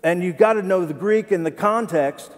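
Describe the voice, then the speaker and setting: This is a high-pitched man speaking at normal speed in a large hall. He's a pastor in a church sanctuary, delivering a conversational sermon and frequently asking the congregation questions.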